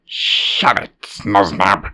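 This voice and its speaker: A man voicing a small, loud, bossy male goblin who squeaks and shouts orders. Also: lively intonation, very slow, full character voice.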